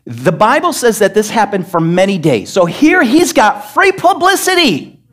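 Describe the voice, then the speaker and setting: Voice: medium pitch, big pitch swings, normal speed, fairly bright tone. A pastor preaching a sermon to a congregation, emphatic and pressing them with questions. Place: church service.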